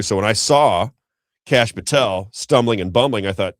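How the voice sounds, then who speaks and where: A middle-aged man running an unscripted political talk show at a quick, pushy clip. His low voice sits close to the mic in a dry room, and he rambles emphatically, repeating himself and turning to his co-host. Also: dry recording. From Missouri, USA.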